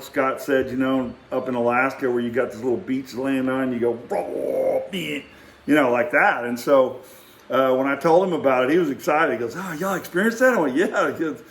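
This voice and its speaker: A middle-aged man telling a rambling, animated story in a casual way and acting out quotes. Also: medium pitch, reverberant. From Texas. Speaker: vlogger.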